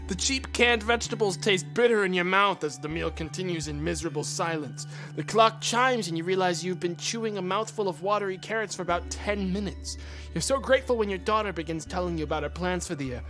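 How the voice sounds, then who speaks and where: A man streaming a game with a high, bright voice. He reads the narration aloud and breaks into profane rants, sometimes shouting. Faint game music plays behind him. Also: fairly quick. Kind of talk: casual let's play commentary.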